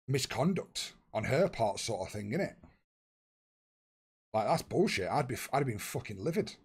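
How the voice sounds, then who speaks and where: A young man with a husky voice, chatting casually and swearing freely with his viewers while he plays a football management game. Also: mid-range voice, darkish tone. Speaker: streamer. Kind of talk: casual live-stream chat.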